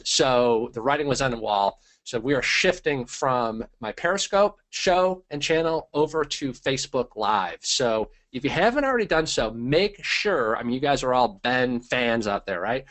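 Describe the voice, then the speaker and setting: Greeting viewers by name, this webinar host speaks at normal speed with a medium-pitched voice. He runs a live online training with lots of energy and a stream of filler words.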